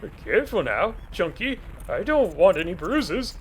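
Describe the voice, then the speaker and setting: Guy doing a prissy high voice for a fussy game character, whiny, faint music under it. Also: sing-song, normal speed.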